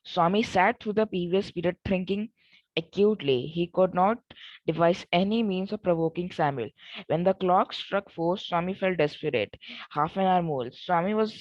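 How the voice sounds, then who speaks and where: A woman's voice: on the low side, a little mellow, no echo. A woman reading a story aloud, stopping to retell and explain parts in her own words, with self-corrections and fillers. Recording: dull, muffled recording.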